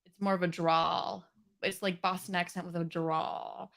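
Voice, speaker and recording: Bright-voiced woman chatting on a podcast. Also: on the low side, unhurried, creaky. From New England. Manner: jokey, lively storyteller. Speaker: podcast co-host. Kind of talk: casual chat.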